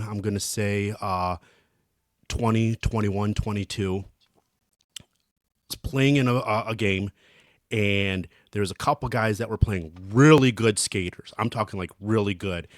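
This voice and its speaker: A middle-aged man co-hosts a podcast, his fairly low voice unhurried as he tells a rambling, casual story full of ums and restarts. The recording is clean studio sound with no echo.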